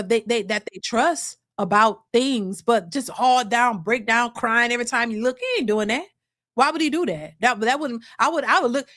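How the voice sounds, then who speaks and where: Woman, emphatic casual livestream talk, fairly high voice, dry sound. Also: no echo. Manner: animated, emphatic, restarts often. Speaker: host of a reaction channel.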